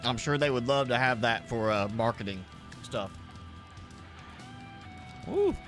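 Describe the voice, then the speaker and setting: Faint music sits under this man's medium-pitched, unhurried, slightly bright voice. He's streaming a game live, rambling casually with viewers between bites of spicy food and the occasional cough.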